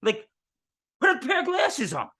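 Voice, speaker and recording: A man with a New York accent voicing a furious, indignant driver who shouts at another motorist. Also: very high voice, wildly swooping pitch, measured pace, voice pushed up, heavily acted.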